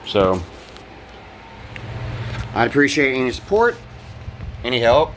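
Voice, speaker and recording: A man's voice: mid-range voice, very animated, slow, a bit bright, slight background noise. Angry swearing man venting. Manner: frustrated, swearing, rambling restarts. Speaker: vlogger. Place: fire-damaged apartment.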